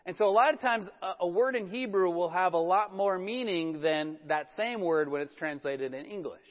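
A middle-aged man preaches in a loose, chatty way, with self-deprecating asides and plenty of fillers. His voice sits fairly high for a man. The sound is muffled and rings with the long reverb of a church hall. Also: moderate pace. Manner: relaxed, self-deprecating storytelling with many fillers. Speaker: pastor. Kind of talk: conversational sermon.

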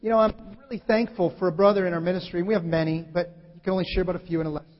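High-voiced preacher man in a big hall. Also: very fast. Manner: animated, acts out scripture quotes with sudden loud shifts. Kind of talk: sermon. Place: church hall. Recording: muffled hall recording.

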